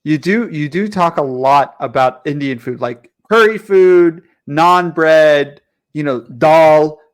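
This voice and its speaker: Male podcast co-host, slightly high voice, emphatic, profane rants. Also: slow. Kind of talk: casual podcast chat.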